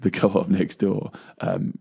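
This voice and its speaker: A man's voice: low-pitched, sing-song, slow, gravelly, warm tone, husky. A young man, co-hosting a casual chat show, rambling along with many fillers and laughs. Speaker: co-host.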